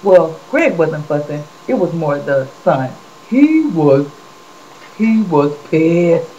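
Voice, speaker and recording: Low-ish woman's voice dishing gossip, swoops all over the place, kinda dull lo-fi sound w/ a bit of hiss. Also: slow pace. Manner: animated storyteller, chatty and expressive. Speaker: celebrity gossip vlogger. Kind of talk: casual gossip commentary. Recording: dull lo-fi recording with faint hiss.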